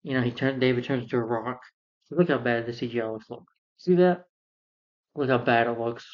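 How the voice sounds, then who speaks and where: A man's voice: mid-range voice, a little fast. Rambling man recapping a film, lo-fi. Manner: rambling, retells scenes and acts out characters. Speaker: film reviewer. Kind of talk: casual film review rant.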